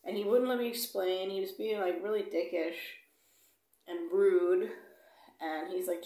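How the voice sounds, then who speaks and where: A woman's voice: lowish voice, fairly even intonation, unhurried, mellow. A woman telling a travel story in a blunt, casual way, swearing freely and acting out the dialogue. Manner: blunt, swears freely, lots of "like" and "you know"; acts out dialogue when retelling. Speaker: vlogger. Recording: echoey room.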